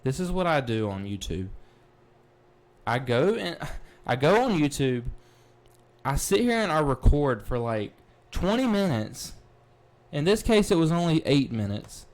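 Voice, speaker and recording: A man hosting a wrestling recap livestream, talking casually, excitable and blunt, swearing freely. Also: on the high side, a little slow. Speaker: podcast host.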